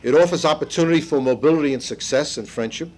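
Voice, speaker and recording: A man's voice: on the high side, fast talker, a little mellow. An older man leading a seminar in a conversational lecture style. He tells stories, drops in asides and "you see", and quizzes the group. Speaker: seminar leader.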